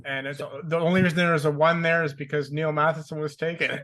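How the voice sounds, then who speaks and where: A man's voice: a little high, little pitch movement, fast, fairly bright tone. A man, a guest on a show, chatting in a laid-back way with dry humor. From Canada. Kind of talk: casual chat.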